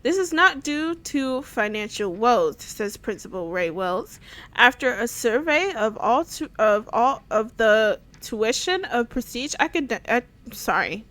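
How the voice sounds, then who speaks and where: A woman in casual let's-play commentary who talks slowly in a fairly high voice. She giggles often, stumbles over words as she reads aloud, and swears casually. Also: sing-song, fairly bright tone. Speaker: gaming streamer.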